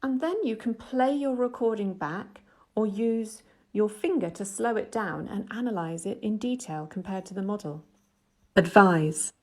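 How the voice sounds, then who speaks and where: A middle-aged woman, an English teacher, giving a clear, measured, scripted lesson voice-over with patient explanations. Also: medium pitch, dark tone.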